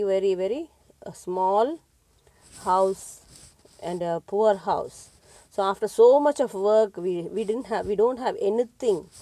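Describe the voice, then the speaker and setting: A woman's voice: mid-range voice, mellow, rough recording. A woman teacher explaining a story to schoolchildren, repeating and rephrasing with frequent hesitations.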